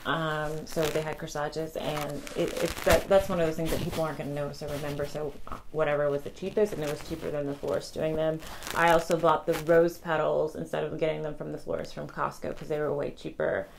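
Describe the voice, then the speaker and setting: A young woman vlogger chatting casually about her wedding, rambling and fast with many ums and restarts. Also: sits low, level tone, vocal fry, noisy background. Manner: talks fast. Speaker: vlogger sharing wedding tips. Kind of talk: casual chat to camera.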